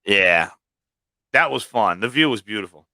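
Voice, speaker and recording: A man's voice: lowish voice, animated, normal speed, sharp tone, no echo. Man telling rambling profane stories. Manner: rambling, heavily profane storytelling. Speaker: livestream guest. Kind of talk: casual storytelling.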